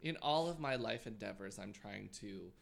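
A man putting on the voice of a vain, grandiose former actress, with affected, drawn-out theatrical diction, during podcast banter. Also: lowish voice, lively intonation, vocal fry, pitched below the performer's own voice, heavily acted.

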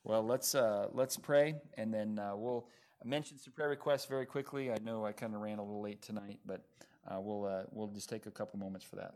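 A man's voice: lowish voice, steady tone, fairly quick, darkish tone. Chatty, self-deprecating male pastor. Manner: conversational, self-deprecating, many fillers. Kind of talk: evening sermon and closing prayer.

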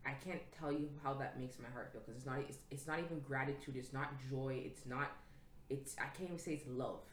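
A woman with a low voice hosts a podcast and talks in a heartfelt, casual way. The room adds a noticeable echo, and faint noise sits underneath. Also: a little fast. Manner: affirming, frequent "correct". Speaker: podcast host.

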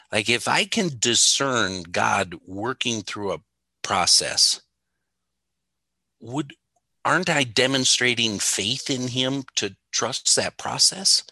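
A man's voice: mid-range voice, expressive, takes it slowly, pushed and bright, husky, dry recording. A man co-hosting a casual theology talk, telling stories with emphasis and frequent laughs. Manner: storytelling, emphatic, laughs often. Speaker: Bible teacher, co-host.

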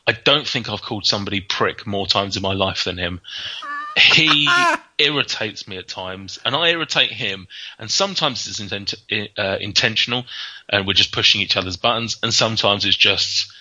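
A man's voice: fairly low pitch, bright, forceful tone. A man telling casual, rambling anecdotes in a chat, full of fillers and restarts. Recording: dull lo-fi sound.

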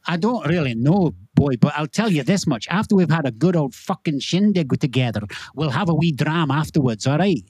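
A man voicing a rowdy man, gruff and boisterous. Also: fairly high pitch, expressive, a little fast, few pauses, a little mellow, no room sound.

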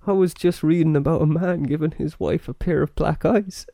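A man's voice: fairly high pitch, normal speed, gravelly, dark tone, no room sound, clean studio sound, voice pushed up. A man voicing a smug husband in an old newspaper joke, reading it aloud.

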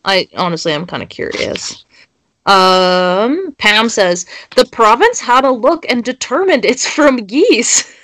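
A woman's voice: on the high side, animated, takes it slowly, a bit bright, no room sound. A young woman, co-hosting a casual chat and reading social media posts aloud. She giggles and swears freely.

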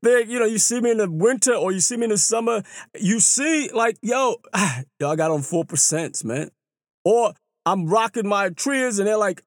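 A man telling stories in a casual monologue, animated and acting out the voices of other people. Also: normal speed, dry recording. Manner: animated, mimics bystanders with exaggerated pitch jumps. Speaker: runner and storyteller. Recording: clear hip hop music behind the voice.

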